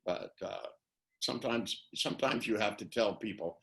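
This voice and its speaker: At a normal pace, an older man with a lowish, somewhat bright voice and vocal fry talks casually as the interviewee in a webinar. An NLP trainer, he rambles through anecdotes on the video call and acts out what he quotes.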